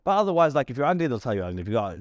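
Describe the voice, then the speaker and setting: Rapid-fire and medium-pitched, an Australian man hosts a podcast, spinning a lively story full of performed quotes and frequent laughter. The recording is dry.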